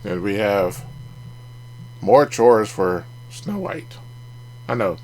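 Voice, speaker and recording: A man's voice: on the low side, lively intonation, slow, a little mellow. A man hosting a casual card review vlog, chatty and making jokey asides as he goes. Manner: chatty, jokey asides, laughs at own remarks. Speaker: card collecting channel host.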